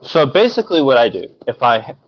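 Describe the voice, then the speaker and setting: A man co-hosting a casual livestream, relaxed and chuckling between remarks. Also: medium pitch, brisk, dry recording. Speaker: livestream co-host. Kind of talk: casual chat. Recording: dry, muffled lo-fi stream audio.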